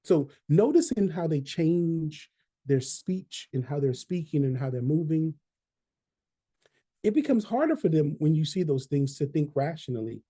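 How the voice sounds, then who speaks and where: Mellow-voiced man giving a training talk. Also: fairly high pitch, expressive, a little slow, husky. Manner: conversational, repeats key phrases, asks "right?".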